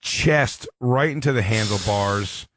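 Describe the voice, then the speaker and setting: A man's voice: on the low side, slow, a bit bright. A man co-hosting a radio comedy show, telling a story in casual chat, swearing a lot and acting out other people's lines in a raised voice.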